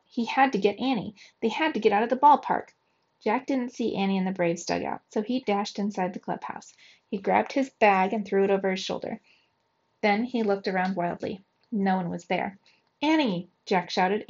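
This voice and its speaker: Brief: woman storybook reader, lively, dull lo-fi sound. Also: medium pitch, vocal fry. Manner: lively, expressive reading. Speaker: reader for children. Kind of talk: reading a children's book aloud.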